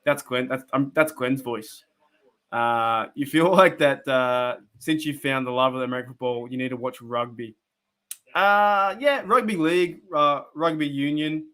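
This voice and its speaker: A man's voice: medium pitch, unhurried, a bit bright. A young Australian man hosting a casual live stream, chatting to viewers in a rambling way with lots of restarts and fillers. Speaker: live stream host reacting to football.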